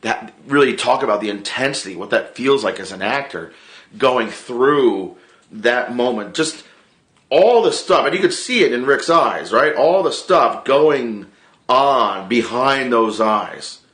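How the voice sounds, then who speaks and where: Excitable, swearing man in an echoey room. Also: mid-range voice, measured pace. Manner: rambling, excitable, swears a lot, frequent restarts. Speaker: vlogger and improv actor. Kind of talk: casual chat to camera.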